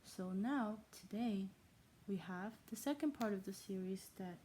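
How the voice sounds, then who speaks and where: A woman's voice: medium pitch, unhurried, dark tone, a little hiss or hum, poor audio. A woman vlogger chatting casually to camera, rambling and apologetic.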